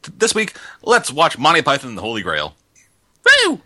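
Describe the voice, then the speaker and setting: Lively excitable man hosting commentary. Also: mid-range voice, moderate pace, no room sound, clean studio sound. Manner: excitable, laughing, crude. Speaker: podcast host. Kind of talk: movie commentary chat.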